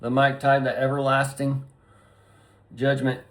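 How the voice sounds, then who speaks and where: A vlogger rambles to his viewers in a profane solo monologue, free-associating and playing with words in a stream-of-consciousness style. His voice is medium-pitched and monotone, at a moderate pace.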